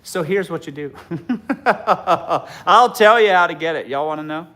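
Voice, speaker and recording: A man's voice: fairly high pitch, lively intonation, measured pace, a bit bright. A man doing a loose comic monologue for a livestream audience, laughing often as he talks. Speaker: comedian.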